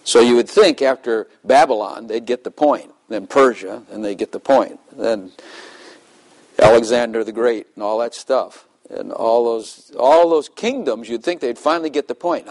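A man's voice: medium pitch, normal speed, darkish tone, poor audio. An older man preaching a sermon in a loose, conversational way, asking the congregation questions and chuckling between points. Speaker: pastor.

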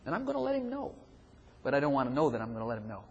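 A man's voice: medium pitch, huge pitch swings, rapid-fire, highs cut off. A man preaching a sermon who acts out inner voices and chuckles often. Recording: long hall reverb, faint room noise.

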